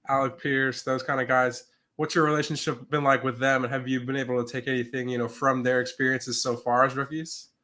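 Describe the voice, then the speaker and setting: A man's voice: medium pitch, sharp tone. A man hosting a sports interview, asking friendly, conversational questions.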